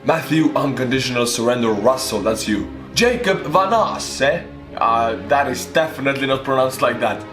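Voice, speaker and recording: A man's voice: medium pitch, echoey room. A man with an Estonian accent, a native Estonian speaker, joking his way through a casual reaction commentary as a YouTuber. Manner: playful, jokey, stumbles over names.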